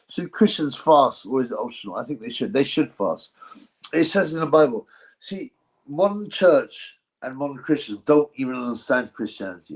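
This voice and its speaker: A man chatting loosely on a livestream in a middle-pitched voice. He rambles from one aside to the next, mocking and joking as he goes. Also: darkish tone. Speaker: livestream host. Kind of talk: casual livestream chat.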